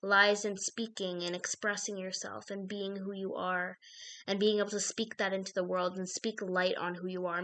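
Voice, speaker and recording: A woman's voice: mid-range voice, fairly bright tone. Rambling woman giving a card reading. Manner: meandering, filler-heavy, self-interrupting. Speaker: intuitive card reader. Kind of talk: spoken intuitive card reading.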